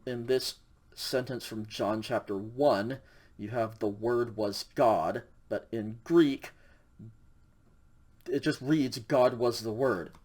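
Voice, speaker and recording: A man teaching a recorded university lecture in a casual way, with frequent ums and okays, who slows down to stress examples. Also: medium pitch. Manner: casual, many fillers like um and okay; spells out examples slowly and stresses key words. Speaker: university Greek instructor.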